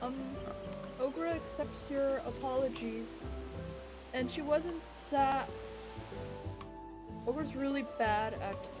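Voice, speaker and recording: A woman playing a tabletop game, hesitantly describing what her character does. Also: sits high. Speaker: player. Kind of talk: casual tabletop play.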